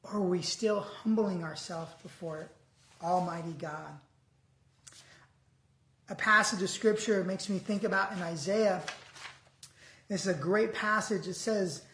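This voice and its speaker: A preacher giving an earnest sermon, reading scripture aloud slowly and deliberately. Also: mid-range voice, reverberant.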